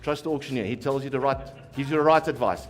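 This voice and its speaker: A man with a South African accent working as an auctioneer, calling bids in a rapid chant and teasing bidders in the room. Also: mid-range voice, soft background music. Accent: South African English. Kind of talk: live property auction calling.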